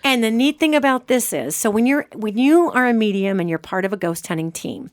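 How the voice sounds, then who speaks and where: A woman hosting a podcast as a medium, an animated storyteller who acts out quotes in casual chat. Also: a little high, a little fast. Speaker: host and medium.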